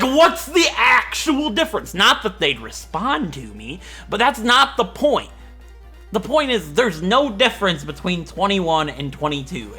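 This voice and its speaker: Man in his twenties, gameplay commentary, rambling, laughing, bright tone. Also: on the high side. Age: 20s. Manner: rambling, joking, laughs a lot. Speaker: let's play host.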